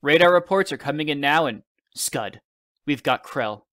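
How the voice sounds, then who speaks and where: A man's voice: a little high, lively intonation, moderate pace, a bit bright, pitched above the performer's own voice. A man doing an urgent woman dispatcher.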